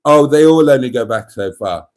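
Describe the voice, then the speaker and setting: A man hosts a casual livestream, chatting and joking as he reads out viewer comments. His voice sits at an ordinary middle pitch. It swings up and down with lively, animated movement. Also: normal speed. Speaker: livestream host.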